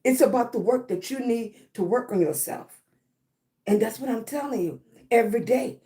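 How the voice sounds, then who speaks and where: Speaking at a normal speed, this woman has a fairly high-pitched but dark-toned voice. Her live-stream talk is a motivational one on self-love; chest congestion makes her clear her throat, and she's repetitive, frequently tossing in "right?".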